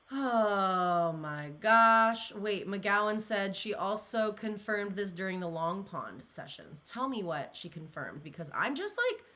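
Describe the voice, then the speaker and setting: A woman's voice: medium pitch, fairly bright tone. A young woman vlogging in casual chat, gushing and rambling with many fillers, getting emotional as she reacts to viewer comments. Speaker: pop culture vlogger.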